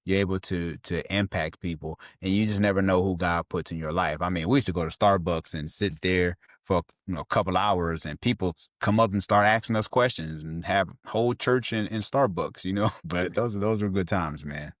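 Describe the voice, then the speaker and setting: Podcast host guy, really deep voice, dry sound, chill and agreeable. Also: normal speed, hardly any pauses, dry recording. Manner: relaxed, frequent affirming "mm-hmm". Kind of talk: casual interview chat.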